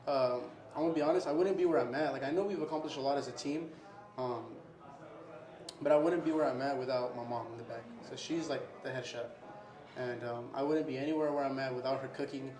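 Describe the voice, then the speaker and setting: Fast-talking young man in an echoey room. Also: medium pitch. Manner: animated, says "bro" often, acts out customer exchanges. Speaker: restaurant owner. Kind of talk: casual interview talk. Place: his restaurant.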